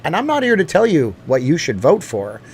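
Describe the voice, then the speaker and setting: A man's voice: fairly high pitch, huge pitch swings, a little fast, breathy edge. A man hosting a casual live stream, reading out viewer comments and rambling, with lots of fillers and restarts. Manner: chatty and rambling, with many fillers and self-corrections.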